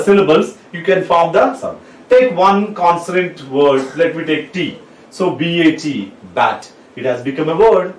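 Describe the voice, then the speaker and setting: A man teaching a lesson, spelling words out letter by letter and repeating them. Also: on the high side. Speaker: English teacher. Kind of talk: classroom lecture. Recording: roomy, mic at a distance.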